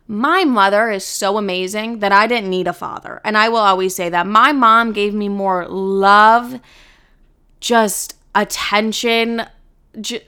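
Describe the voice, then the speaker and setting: Bright, smooth-voiced young woman, blunt. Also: medium pitch. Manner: casual and blunt, swears often, fills with "like". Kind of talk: candid personal monologue.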